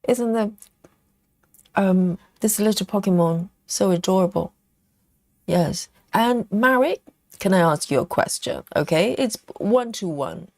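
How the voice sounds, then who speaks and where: A woman streams live cross-stitching, chatting as she stitches and eats chocolate, reading viewer comments aloud and answering them. Her medium-pitched voice is expressive and a little slow, captured in a dry, clean studio recording.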